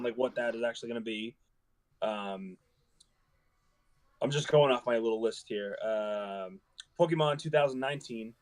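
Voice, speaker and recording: A man's voice: medium pitch, darkish tone. A young man on a gaming podcast, speaking hesitantly with many fillers and laughing easily. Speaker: podcast co-host. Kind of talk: casual podcast banter.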